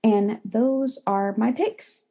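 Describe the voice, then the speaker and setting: A woman's voice: on the high side, very slow. A woman co-hosting a film podcast, chatting casually with plenty of fillers and restarts. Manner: relaxed, many fillers and restarts. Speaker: podcast co-host.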